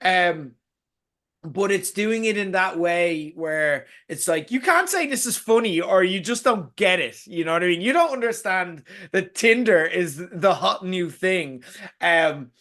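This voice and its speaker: Man, high voice, ranting, sarcastic, swears, casual podcast chat. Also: lively intonation, a little slow, bright, forceful tone. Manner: ranting, sarcastic, swears a lot, mocking put-on quotes. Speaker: podcast co-host.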